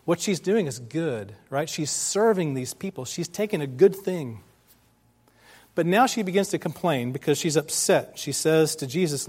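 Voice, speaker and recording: A male pastor delivering a sermon with a voice that sits a little high. He talks with the congregation like a conversation and keeps asking them questions as he goes. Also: animated, moderate pace, a little mellow, slightly rough.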